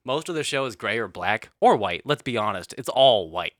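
A man's voice: fairly low pitch, animated, moderate pace, no room sound, studio quality. A man hosting a comedic, profane recap of a TV show, laughing often. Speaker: host.

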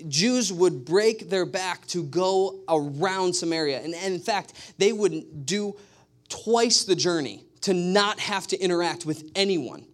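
A man with a fairly high voice delivers a sermon. He tells stories in an animated way and drives his points home with emphatic repetition. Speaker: pastor.

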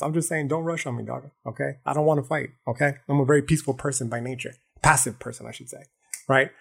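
A man hosting a podcast, lecturing on philosophy in a profane, slangy, animated monologue. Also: on the high side, fast talker, vocal fry, breathy edge. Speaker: podcast host.

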